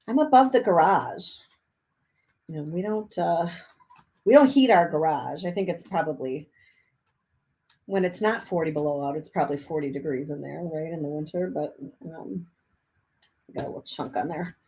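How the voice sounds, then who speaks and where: Chewing on a cough drop, the art instructor keeps up friendly, upbeat chatter as she demonstrates art journaling in a cold room above her garage. Her low, mellow voice moves at a moderate pace with frequent pauses, and there's slight background noise.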